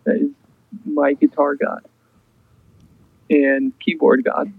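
A man's voice: a little high, steady tone, takes it slowly, gravelly, slightly rough, no room sound, narrow, tinny audio. A young man, a guest musician in casual podcast chat, talking hesitantly with many fillers.

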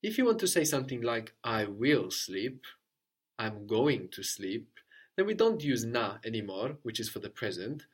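A language teacher with an ordinary, slightly breathy mid-range voice runs a spoken lesson at normal speed. Calm, patient and encouraging, he prompts students, corrects them gently, repeats every answer back, and praises them.

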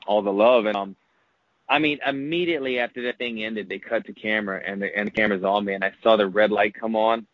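A man's voice: fairly low pitch, steady tone, fast, no echo. Guy rambling through a story in an interview, stumbles over words, dull dry audio. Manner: rambling, repeats words when moved. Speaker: retired fighter and analyst. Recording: muffled lo-fi audio.

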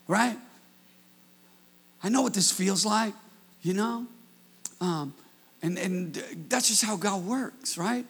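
A high-pitched, gravelly male pastor preaching a sermon. His voice is bright and edged, a little husky, and he trades call-and-response with the congregation, dropping into quiet asides and then rising to shouts. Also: animated, moderate pace, pauses often.

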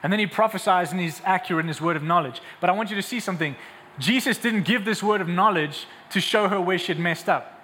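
A man's voice: high-pitched, quick pace, pushed and bright, slight background noise. A man preaching a sermon, retelling scripture with acted-out dialogue. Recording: long hall reverb, faint ambience.

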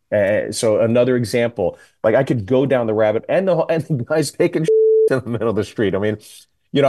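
Animated comic storyteller, a man. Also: mid-range voice. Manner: animated, comic storytelling with laughs and quoted voices. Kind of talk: casual storytelling chat.

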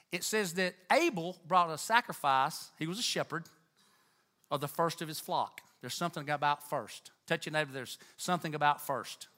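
Male preacher, high voice, bright, emphatic sermon delivery, church. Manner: animated, emphatic, rising to near-shouts.

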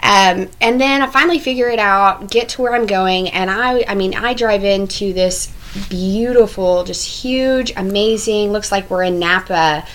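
A woman's voice: medium pitch, normal speed, poor audio. An American woman chatting as a guest, telling travel stories with frequent laughs and many fillers. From United States. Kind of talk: casual conversation.

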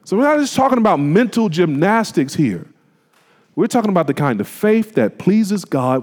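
A pastor with a medium-pitched, darkish voice preaches a sermon, talking a little fast and swinging his pitch widely. He's emphatic and colloquial, throwing rhetorical questions at the congregation, and the recording carries a hall's long reverb.

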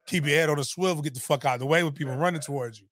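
A middle-aged man, telling a story in animated, profane casual talk on a podcast. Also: a little high, very fast.

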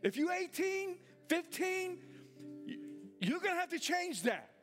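High-voiced pastor guy preaching in church, calls and responses, gets shouty, some music behind. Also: sing-song, unhurried. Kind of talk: sermon.

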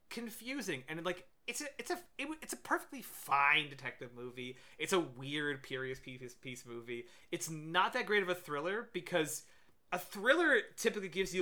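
Guy with a bright, slightly high voice, rambling film review chat, tons of "like". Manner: rambling, lots of fillers. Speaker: podcast co-host. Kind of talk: casual movie review chat.

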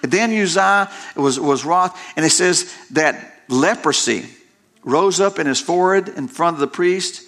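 A man's voice: fairly high pitch, measured pace, a bit bright. A middle-aged male pastor preaching a sermon, emphatic and folksy, repeating phrases and breaking into conversational asides.

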